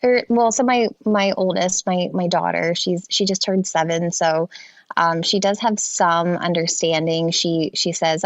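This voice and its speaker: Halting low-voiced woman on a dull call line. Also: steady tone, dry recording. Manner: halting, restarts often, soft laughs. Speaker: frontline nurse guest. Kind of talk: casual interview conversation.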